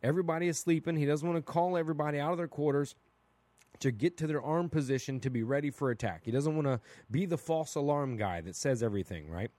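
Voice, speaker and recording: A man hosting a solo podcast, talking through his opinions in a casual, blunt and animated way, asking "right?" again and again. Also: on the high side, fast talker, dry recording. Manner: casual and blunt, with mild swearing. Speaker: podcast host.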